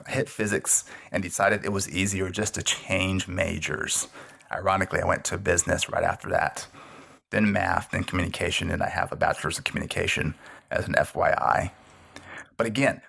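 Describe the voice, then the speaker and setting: A man's voice: low-pitched, vocal fry, fairly bright tone. A man giving an earnest motivational talk to his viewers. He speaks conversationally, repeats his key points and keeps tagging sentences with "right?".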